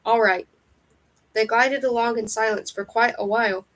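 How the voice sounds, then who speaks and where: A woman reading a fantasy novel aloud in steady storybook narration. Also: fairly high pitch, a little fast, rough recording. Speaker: reader.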